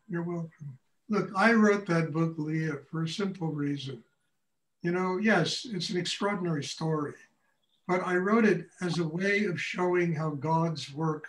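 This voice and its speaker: An older man teaching a meditation class, telling stories in a blunt, animated way, often breaking into laughter. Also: fairly high pitch. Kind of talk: storytelling lecture. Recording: echoey room, far from mic.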